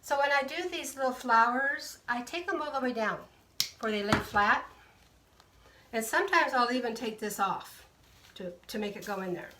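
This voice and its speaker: A woman's voice: fairly high pitch, normal speed, sharp tone, roomy sound, recorded from a distance, a little hiss or hum. A woman hosting a live craft tutorial, talking viewers through each step in a chatty way and greeting them by name. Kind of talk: casual live craft demonstration.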